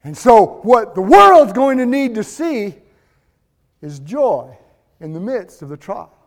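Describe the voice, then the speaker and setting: A man's voice: very high-pitched, big pitch swings, takes it slowly. A man preaching a sermon as pastor, fervent and emphatic.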